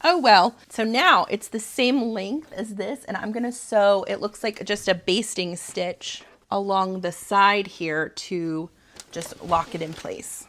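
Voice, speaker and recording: A Southern woman in her thirties talks through a sewing project at home, chatty and easygoing. She rambles off on tangents and laughs often, with a voice pitched in the middle range. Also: takes it slowly, a bit bright. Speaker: sewing channel host. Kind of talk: casual sew-along tutorial.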